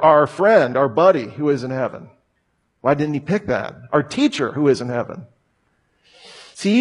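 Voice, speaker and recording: A man in his thirties preaching a conversational sermon, telling stories with humor. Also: a little high. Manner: casual, storytelling with humor.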